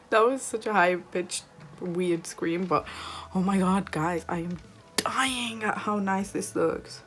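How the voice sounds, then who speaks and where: A woman doing a makeup tutorial, gushing and excitable as she tries eyeshadow shades. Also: lowish voice, a little slow, a little hiss or hum. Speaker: beauty vlogger.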